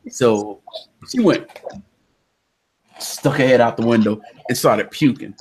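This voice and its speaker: A man hosting a casual online discussion with a Southern American accent, telling a story in an animated way and acting out the people in it. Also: medium pitch, slow pace, a little hiss or hum. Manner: animated storyteller, acts out quotes loudly. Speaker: podcast host. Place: indoors during a thunderstorm. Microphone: online call connection.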